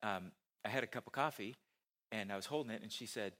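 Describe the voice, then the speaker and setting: At a church, a male pastor gives a conversational sermon, peppering it with self-deprecating asides and rhetorical questions for the congregation. His voice is on the low side, pushed and bright, and he talks fast.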